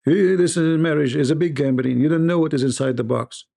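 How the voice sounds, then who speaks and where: Gravelly joking man telling stories. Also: a little high, fairly quick, mellow. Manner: laughs at own stories, acts out dialogue. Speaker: live stream host. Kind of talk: joking live-stream monologue.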